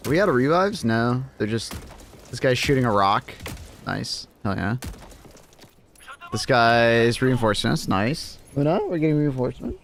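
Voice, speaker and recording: A man's voice: mid-range voice, lively intonation, normal speed, fairly bright tone, a little hiss or hum. A man chatting casually on a game live stream, talking to his cat and swearing now and then.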